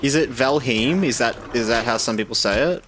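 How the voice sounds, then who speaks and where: A man's voice: medium pitch, a little fast, a bit bright, a little hiss or hum. A man with an Australian accent chatting casually with his live-stream audience, bantering, musing aloud and chuckling often. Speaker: game streamer.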